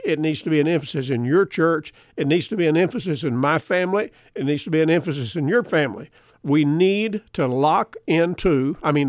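An older man delivers a Bible lesson with earnest emphasis, drawing out the words he wants to stress. His voice sits a little high for a man. The sound is dry and close, with no room around it. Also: dry recording. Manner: earnest, emphatic, quotes scripture with chapter and verse; slows and stresses key words. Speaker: radio Bible teacher.

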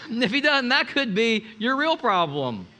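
A man with a high, bright voice preaches to his congregation. He talks in an animated way, breaks into asides and acts out little quotes. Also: moderate pace, a little hiss or hum. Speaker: pastor. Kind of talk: sermon.

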